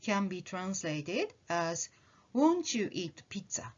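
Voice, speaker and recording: A woman teaching a language lesson, explaining slowly and carefully and acting out the intonation of example phrases. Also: fairly low pitch. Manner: slow, careful explanation with animated demonstrations of intonation. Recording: muffled, slightly dull audio.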